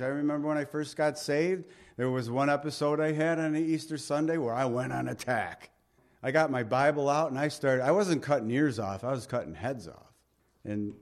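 A middle-aged man, a pastor, preaching a conversational sermon that swings between loud emphatic lines and hushed, quiet asides. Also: fairly high pitch.

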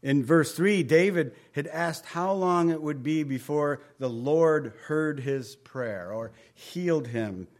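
A man's voice: on the high side, slow, few pauses, darkish tone. A man preaching a conversational sermon in a folksy way, with joking asides and questions to the congregation. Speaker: pastor.

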